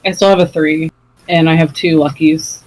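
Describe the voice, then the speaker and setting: A man speaking loudly and upbeat as a player in a tabletop game. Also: on the high side, fairly even intonation, normal speed, crowd noise, low-quality recording. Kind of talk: casual chat while playing a tabletop game.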